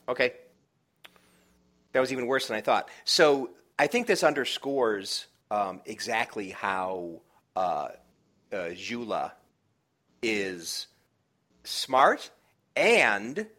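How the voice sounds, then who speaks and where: Male podcast co-host, lively swinging pitch, bright tone, casual chat. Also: slow, pauses often.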